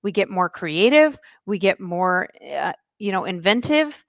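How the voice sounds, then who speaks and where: A middle-aged woman, a life coach, telling a lively personal story as a podcast guest, acting out the dialogue. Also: medium pitch, a little slow, no echo. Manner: chatty, animated storyteller who acts out dialogue. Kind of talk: casual interview storytelling.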